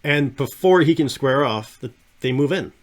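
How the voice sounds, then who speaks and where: Guy hosting a podcast, mid-pitch voice, rambles on excitedly, drops quiet at the end of sentences. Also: moderate pace. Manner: enthusiastic, rambling, trails off quietly at phrase ends. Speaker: podcast host. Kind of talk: casual discussion of an animated series.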